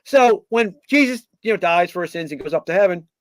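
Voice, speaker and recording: A man with a high voice holds forth in an opinionated political monologue, stumbling through ums and false starts as he goes. The sound is dry and close, with no room around it. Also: lively intonation, normal speed, no echo. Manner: rambling, many fillers and restarts; acts out quoted figures in mock voices. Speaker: podcast host.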